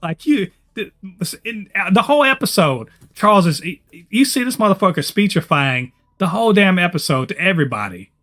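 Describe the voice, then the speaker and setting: A man co-hosting a casual TV review podcast, talking in an animated, profane way that jumps up loud when he gets excited. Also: sits high, a little fast, few pauses. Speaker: co-host of a TV review show.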